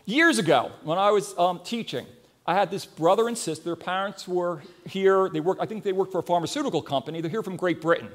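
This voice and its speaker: A man's voice: high voice, fairly quick. A middle-aged man preaching a sermon, earnest, telling a story and putting questions to the congregation.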